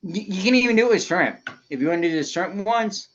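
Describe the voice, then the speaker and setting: A man's voice: high voice, expressive, fairly quick, crowd noise. Emphatic man talking on a podcast. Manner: repeats phrases, emphatic, restarts often. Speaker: podcast guest. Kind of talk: casual podcast chat. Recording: dull lo-fi sound.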